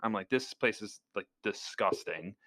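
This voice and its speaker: Low-voiced male podcast co-host. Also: normal speed, bright, forceful tone, no echo, clean studio sound. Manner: incredulous, rambling. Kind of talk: casual movie chat.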